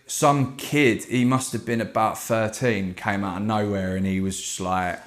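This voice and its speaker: Low-voiced man telling stories. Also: a little slow. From Kent, England. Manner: animated, swears constantly, does voices. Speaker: tattoo artist guest. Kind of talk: casual storytelling.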